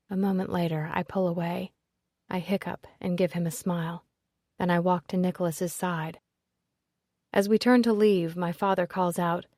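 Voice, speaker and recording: A woman with a lowish voice narrating a first-person romance audiobook. Her storytelling is expressive and heartfelt. The recording is close and very dry. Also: no room sound.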